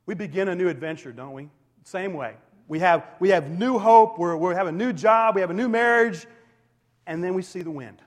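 High-voiced pastor preaching in a hall. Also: male voice, moderate pace. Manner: animated, swings between loud emphasis and near-whispered asides. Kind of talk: sermon. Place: church sanctuary. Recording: reverberant hall sound.

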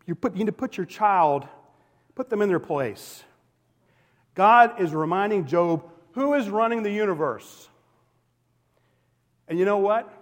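High-voiced preaching man in a reverberant hall. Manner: emphatic preaching that swings from loud to hushed. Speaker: pastor. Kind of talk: sermon. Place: church sanctuary.

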